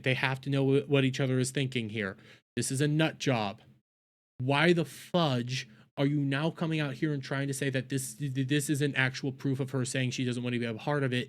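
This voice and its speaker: A young man reacting to a video from his home at night, exasperated and fuming. He rants and swears, loops back over the same complaint, and keeps bursting out loudly. His voice sits at an ordinary middle pitch for a man. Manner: ranting, swears, repeats himself, bursts into loud outbursts. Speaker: reaction channel host.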